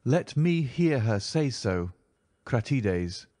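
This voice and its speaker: A man's voice: mid-range voice, very animated, slow, dark tone, no room sound. A starved Greek prisoner who answers in short, defiant bursts, as a male narrator puts him on. His voice sits a little above the reader's own, and the recording is dry and close. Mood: desperate. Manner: curt, defiant replies.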